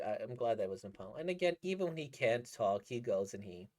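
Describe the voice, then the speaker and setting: A man's voice: fairly low pitch, big pitch swings, quick pace, a little mellow. A man giving casual, rambling commentary as he reacts to a manga he is reading, enthusiastic and laughing often.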